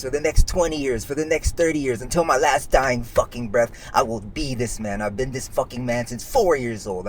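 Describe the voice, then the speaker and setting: A young man co-hosting a casual podcast, boastful and intense, swearing constantly, turning low and brooding when he reflects. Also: a little hiss or hum. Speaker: podcast co-host.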